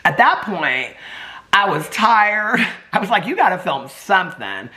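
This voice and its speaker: A man vlogging at home, telling a long story to his camera in a bright, forceful voice. He is chatty and animated, laughs often and acts out the people he quotes, with his pitch swinging widely. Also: a little slow. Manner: drops to a hushed whisper near sleeping dogs. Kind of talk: casual vlog storytelling.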